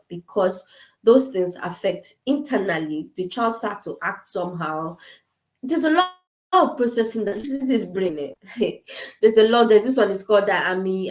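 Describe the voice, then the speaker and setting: An African woman gives parenting advice in a quick, emphatic, informal way and circles back to repeat her points. Her voice sits at an ordinary pitch for a woman. The room around her is echoey, as if she is recording to camera in a bare space. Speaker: parenting speaker.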